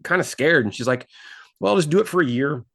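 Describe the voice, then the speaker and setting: Fast-talking man telling stories in dry sound. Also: a little high, creaky, no echo. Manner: energetic, acts out his own past dialogue in quotes. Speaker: guest, entrepreneur and former stockbroker. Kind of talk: casual interview storytelling. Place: Fort Worth, Texas.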